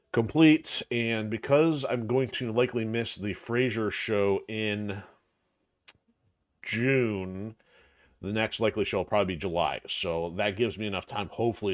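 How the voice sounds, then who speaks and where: A middle-aged man from Michigan hosting a live stream in casual chat, rambling and correcting himself with lots of fillers. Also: on the low side. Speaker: streamer host.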